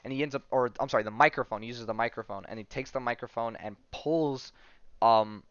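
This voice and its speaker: A man's voice: mid-range voice, a little fast, a bit bright, smooth, no room sound, muffled recording. A man hosting a podcast, casually recapping a comic book in a rambling way, full of fillers and asides. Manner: rambling, heavy on fillers and "right?". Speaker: podcast host.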